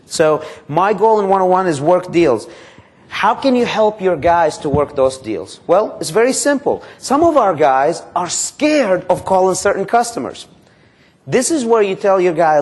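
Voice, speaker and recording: Man, higher-pitched voice, sales trainer, quizzes the room, acts out sample calls. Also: moderate pace. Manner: energetic, quizzes the audience with questions. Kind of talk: live sales training seminar. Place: training room with a live audience.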